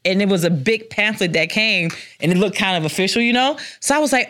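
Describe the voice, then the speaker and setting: A woman's voice: medium pitch, a little fast, few pauses, fairly bright tone. A woman co-hosting a casual talk show, telling stories bluntly and laughing often. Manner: blunt, giggly storyteller. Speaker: co-host. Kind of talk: casual chat.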